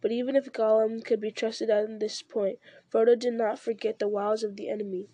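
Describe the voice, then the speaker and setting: Woman reading a book aloud, higher voice, mellow and dry, little stumbles now and then. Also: fairly quick, no room sound. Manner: steady, occasional slips and restarts. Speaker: reader.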